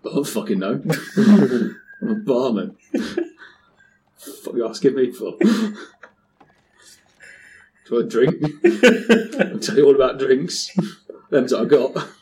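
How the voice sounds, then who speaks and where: A grumpy, sweary barman, played by a man running the game, blunt and mocking. His voice is dark and mellow, close to an everyday tone. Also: medium pitch, expressive, slow pace, long pauses, slight background noise. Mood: gruff. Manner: gruff, mocking, swears freely.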